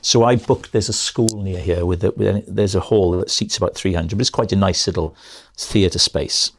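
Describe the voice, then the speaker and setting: A middle-aged male comedian, his voice sitting low, talks at a moderate pace as a guest on a podcast. He chats casually, spinning rambling anecdotes and often correcting himself.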